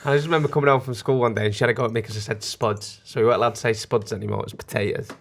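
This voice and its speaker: A man's voice: mid-range voice, fairly even intonation, racing, gravelly. A man, chatting loosely and rambling as a podcast co-host. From North West England. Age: 30s. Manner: chatty and rambling, restarts often. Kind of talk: casual chat.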